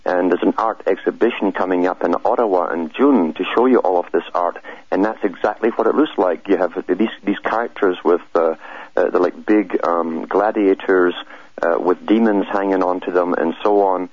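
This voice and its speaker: A man with a very deep, husky voice speaks earnestly as a radio guest, often stumbling and restarting. The sound is dry and muffled, like a radio broadcast. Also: darkish tone. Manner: earnest, halting, many restarts. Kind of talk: talk radio conversation.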